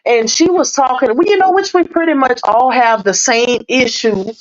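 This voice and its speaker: A woman's voice: high voice, normal speed, slight background noise. A woman hosting a casual livestream, greeting viewers by name in a chatty, laughing way, a little under the weather. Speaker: livestream host. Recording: dull lo-fi stream audio.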